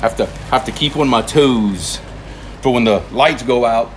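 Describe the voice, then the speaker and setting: A man's voice: medium pitch, unhurried, a little hiss or hum. A man hosting a casual live stream from his home kitchen, joking while he cooks. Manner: joking, easygoing, tells jokes. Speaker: livestream host.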